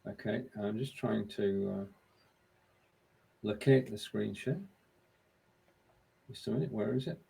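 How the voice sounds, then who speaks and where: A man's voice: on the low side, a little slow, creaky, long pauses, mellow, husky, poor audio. A man co-hosting a casual live-stream show, chatting in a friendly, upbeat way as he runs a quiz and mutters to himself while working the screen share.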